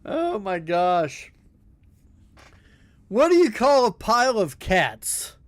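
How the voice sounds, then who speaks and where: A man streaming a game, casually reading corny jokes aloud and breaking into high, tearful laughter at them. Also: big pitch swings, takes it slowly. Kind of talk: casual live-stream chat.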